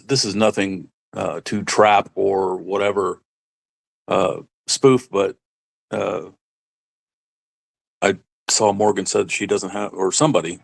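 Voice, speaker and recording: A man co-hosting a casual live-stream chat, rambling and halting with many fillers and restarts. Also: low voice, vocal fry. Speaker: stream co-host.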